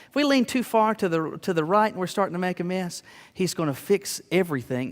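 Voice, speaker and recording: A man preaching a sermon with emphatic, building delivery, shifting into relaxed personal storytelling. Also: on the high side, long reverb tail. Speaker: pastor.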